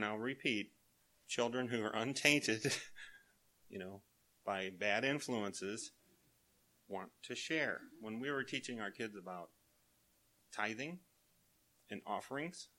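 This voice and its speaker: An older man with grandchildren, preaching a sermon in a folksy way, telling family anecdotes and chuckling as he quotes children softly. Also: lowish voice.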